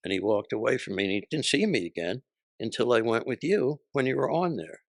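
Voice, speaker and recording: An older man, a comedian appearing as an interview guest, tells punchy, profane anecdotes and acts out voices. His voice is medium-pitched and gravelly, with lively intonation and a brisk pace, and there's no room sound.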